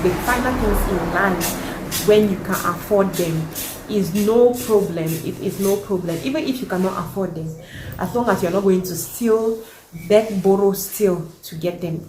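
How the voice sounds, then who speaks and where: Woman, reaction vlogger, emphatic and opinionated, roomy echo, faint hiss. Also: mid-range voice. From Cameroon. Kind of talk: casual reaction vlog. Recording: echoey room.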